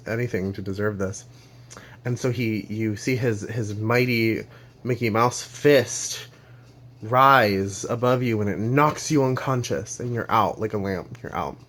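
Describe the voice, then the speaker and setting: A man's voice: fairly low pitch, fairly bright tone. Man telling a rambling comic story. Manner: rambling, second-person, halting restarts. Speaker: comedian.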